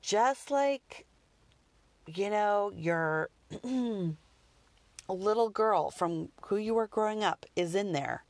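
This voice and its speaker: A woman in her thirties hosting a personal podcast, talking earnestly and reflectively with frequent pauses and restarts. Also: medium pitch, no room sound. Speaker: podcast host.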